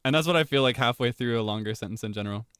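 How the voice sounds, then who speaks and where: A man streaming, chatting casually from home in an animated, playful way with frequent laughter. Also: mid-range voice, rapid-fire, clear, resonant tone, no echo, studio quality. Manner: animated and playful, laughs often, jumps between topics. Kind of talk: casual livestream chat.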